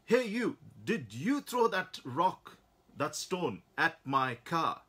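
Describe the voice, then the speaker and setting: Guy putting on an angry rich businessman, high and shouty, husky edge. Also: very animated, slow, full character voice. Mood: furious. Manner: shouting, threatening. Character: furious wealthy adult male businessman.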